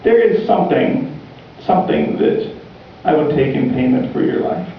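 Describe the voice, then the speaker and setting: A man voicing a scheming male rebel leader who speaks with calm, measured menace in a sermon story. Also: medium pitch, slight background noise, natural voice. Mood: menacing. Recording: distant, echoey, dull church recording.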